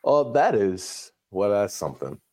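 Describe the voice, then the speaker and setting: A man's voice: lowish voice, big pitch swings, unhurried, darkish tone. A man co-hosting a sports podcast in casual chat, with an easygoing, upbeat manner. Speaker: podcast co-host.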